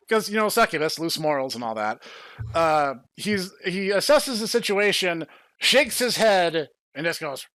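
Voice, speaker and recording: Podcast host, male, fairly high voice, chatty storyteller with filler-laden asides, dry close-mic sound. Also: a bit bright, no echo. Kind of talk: casual podcast chat.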